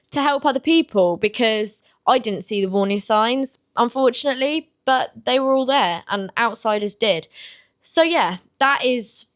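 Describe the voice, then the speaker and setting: A woman's voice: fairly high pitch, expressive, normal speed, fairly bright tone. A woman in her twenties with a British accent, talking openly and casually to camera in a confessional vlog, with many filler words. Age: 20s. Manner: open, chatty, many "like" fillers. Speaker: vlogger.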